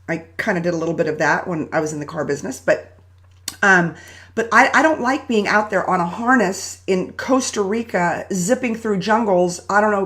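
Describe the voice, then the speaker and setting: A woman hosting a live motivational talk, telling a personal story in a chatty, animated way and greeting viewers by name. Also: mid-range voice. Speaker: host.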